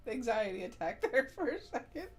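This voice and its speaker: A woman's voice: on the high side, very animated, a little fast. A woman chatting casually while playing a video game, laughing easily and swearing. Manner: giggly, profane. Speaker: gaming streamer.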